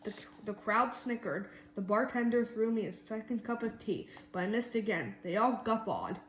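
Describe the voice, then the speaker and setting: Lively woman reading kids' book, higher voice, echoey room. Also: moderate pace. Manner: lively, voices each mouse character. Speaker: reader. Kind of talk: storybook read-aloud.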